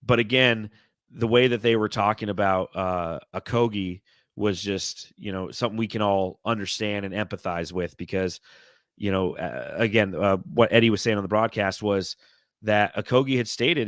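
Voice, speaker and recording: A man with a fairly low voice hosts a casual sports podcast. He talks in a relaxed, joking way. The sound is dry and close to the mic. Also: moderate pace, no room sound. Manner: laid-back, joking, reads fan comments aloud. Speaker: podcast host.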